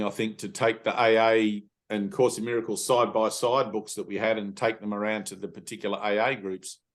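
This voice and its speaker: Lower-voiced man telling stories at satsang. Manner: storytelling, casual and animated. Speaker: spiritual teacher. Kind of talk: satsang talk.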